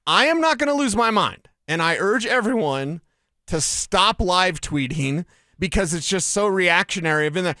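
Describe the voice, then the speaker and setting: A man's voice: high-pitched, animated, normal speed, sharp tone, no echo, studio quality. A man from Colorado co-hosting a sports radio show, talking emphatically and joking. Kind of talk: casual sports talk. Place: radio studio.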